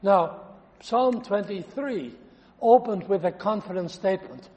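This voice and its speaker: A man preaching a sermon, quoting scripture slowly and with emphasis. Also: high voice, darkish tone, long reverb tail.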